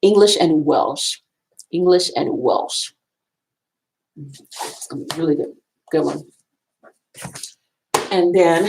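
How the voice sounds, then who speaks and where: A woman's voice: sits low, takes it slowly, vocal fry, pauses often, darkish tone, poor audio. A woman vlogging casually from a college library, rambling and repeating herself as she shows off books. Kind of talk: casual talk showing books.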